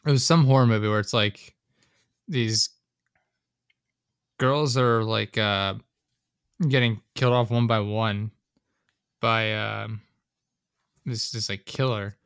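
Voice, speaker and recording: A young man in casual chat, rambling and animated, often acting out scenes as he talks. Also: lowish voice, takes it slowly, pauses often, smooth, no echo, clean studio sound.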